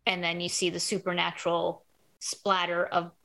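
A woman's voice: lowish voice, normal speed, gravelly, poor audio. A woman in casual chat, retelling a TV episode scene by scene and acting out the characters' lines. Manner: animated retelling, acts out quotes and screams. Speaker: podcast co-host recapping a TV episode.

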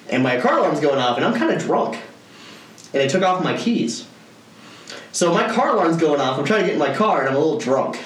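A young man co-hosting a podcast, telling stories in a loose, profane way and laughing often. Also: fairly high pitch. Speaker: podcast co-host. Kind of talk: casual chat. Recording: echoey room, distant mic, faint noise.

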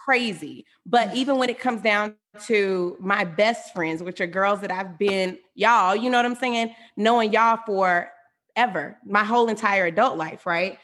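A woman in casual podcast chat, supportive, adding quick affirmations. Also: medium pitch, fairly bright tone. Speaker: co-host.

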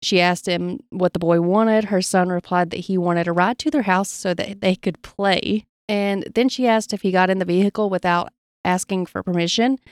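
A woman co-hosting a casual podcast, reading strange stories aloud in an even, unhurried tone. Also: fairly low pitch, no echo, studio quality. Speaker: podcast co-host telling stories.

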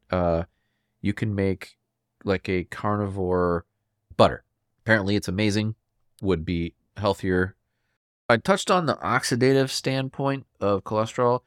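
A man's voice: lowish voice, dry recording, studio quality. A man hosting a solo health podcast, lecturing emphatically and asking his listeners rhetorical questions. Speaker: podcast host.

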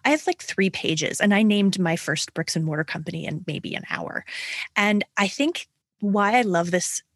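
A Canadian woman with a Canadian accent, hosting a podcast interview and talking emphatically with lively rhetorical questions. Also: medium pitch, normal speed, no echo, clean studio sound. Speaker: podcast host. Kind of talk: conversational interview.

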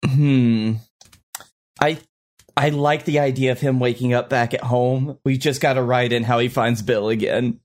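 A man casually working out a story with a friend, relaxed and joking. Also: medium pitch, unhurried. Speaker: co-writer. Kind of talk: casual improvised story brainstorming.

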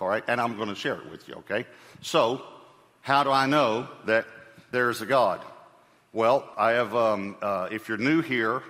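Bright-voiced pastor preaching in a hall. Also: male voice, on the low side. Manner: conversational, repeats key phrases for emphasis. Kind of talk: sermon.

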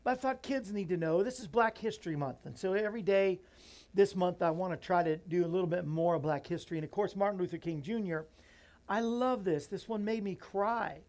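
Man, talk show host, reading a children's book aloud, earnest, folksy asides, emotional, softening voice. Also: high-pitched, fairly quick. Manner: emotional, voice drops soft and near tears.

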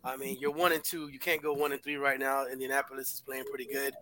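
A male panelist giving emphatic, quick sports opinions. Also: medium pitch, little pitch movement, a crowd in the background, rough recording. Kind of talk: casual sports chat.

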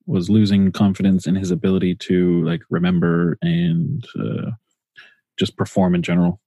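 A man's voice: low voice, warm tone, dry recording. A man co-hosting a podcast, telling laid-back stories with dry jokes. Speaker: podcast co-host. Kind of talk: casual chat. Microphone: studio microphone.

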